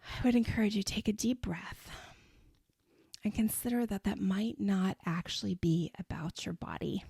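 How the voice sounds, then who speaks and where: A woman's voice: medium pitch, creaky, mellow, breathy edge, no echo, studio quality. A middle-aged woman hosting a faith-based podcast, talking earnestly and encouragingly, often acting out an anxious inner voice. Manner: earnest, encouraging, frequent asides and acted-out inner monologue. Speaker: podcast host.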